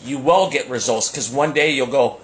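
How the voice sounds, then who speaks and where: A man's voice: medium pitch, moderate pace, slight background noise. Rambling male podcast co-host. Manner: rambling, many fillers and restarts. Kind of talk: casual chat.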